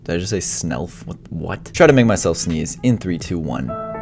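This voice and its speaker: A man hosting a reaction video in casual, jokey commentary, excitable and swinging from low mutters to squealing laughs. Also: normal speed, vocal fry, music in the background. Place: outdoors area with wind nearby.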